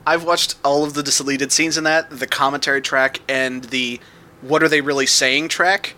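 A man's voice: medium pitch, steady tone, moderate pace, bright, forceful tone. A man guesting on a podcast, explaining things at length in a rambling, enthusiastic way. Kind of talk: casual podcast chat.

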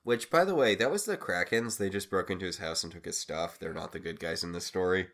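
Low-voiced man, wry and questioning. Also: a little fast, fairly bright tone. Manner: wry, questioning, dry humor. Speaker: podcast co-host. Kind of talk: casual recap chat.

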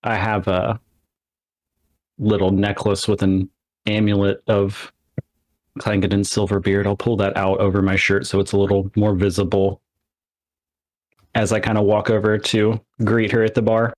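Low-voiced easygoing male player. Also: monotone, normal speed, long pauses, no echo. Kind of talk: tabletop role-play.

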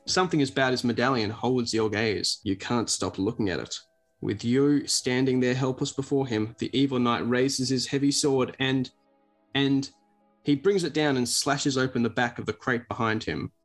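Man, storybook read-aloud, lively, middle-pitched voice. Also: moderate pace, faint music behind.

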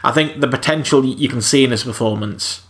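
A man's voice: medium pitch, fast, a bit bright. A man co-hosting a podcast, giving wry, opinionated takes on films. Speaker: podcast co-host. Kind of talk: casual film review chat.

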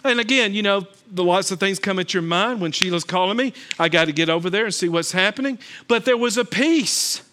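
A middle-aged man preaching a sermon as pastor, telling stories and swinging between loud bursts and hushed calm. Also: high-pitched, a little fast, hardly any pauses, slight background noise.

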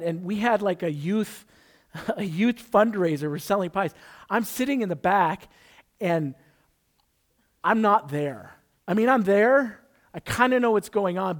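A man preaching a conversational sermon, telling a personal story and joking with the congregation. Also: high-pitched. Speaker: pastor.

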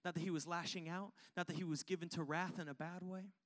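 Guy preaching a sermon, kinda high voice, gets fired up then goes quiet, talks right to the crowd. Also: steady tone, quick pace. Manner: fervent, swings from hushed to loud; chatty, calls out to the congregation. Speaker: pastor.

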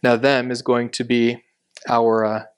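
A man delivers an expository sermon at an even, deliberate pace. He explains scripture point by point and leans on the words he wants to stress. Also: medium pitch. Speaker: Bible teacher.

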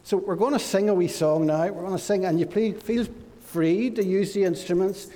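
A man leading a church service as pastor, telling a playful, animated story to children. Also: high voice, normal speed, in a large hall, slight background noise.

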